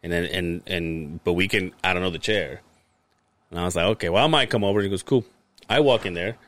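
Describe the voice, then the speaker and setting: Swearing freely, a young man on his podcast spins a casual story and voices the quoted lines of its characters with plenty of animation. He has a deep voice and talks fairly quickly.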